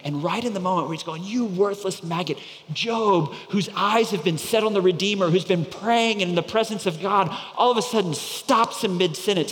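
A man preaching a sermon, swinging from loud proclaiming to hushed, near-whispered lines. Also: fairly high pitch, long reverb tail. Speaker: pastor.

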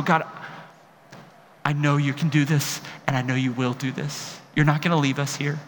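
A male pastor delivers a sermon in a large hall with a long, ringing reverb and faint noise behind him. His voice sits a little high for a man, and he builds from measured reflection to emphatic, impassioned peaks. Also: a bit bright. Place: large room.

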